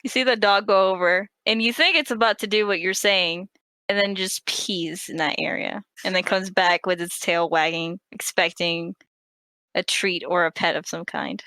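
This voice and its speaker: A woman's voice: fairly low pitch, fairly even intonation, moderate pace, sharp tone, no room sound, low-quality recording. A woman narrating as game master, casual and laughing, putting on voices for townsfolk.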